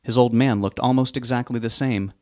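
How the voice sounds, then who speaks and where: A man narrating a novel aloud, reading in a plain, steady storytelling manner. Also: mid-range voice, brisk, no echo, studio quality.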